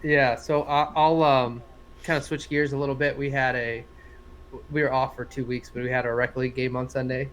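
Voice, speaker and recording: A man's voice: mid-range voice, flat delivery, moderate pace, a bit bright. A young adult man co-hosting a casual sports podcast, telling a rambling story full of swearing and laughing at himself. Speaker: podcast co-host.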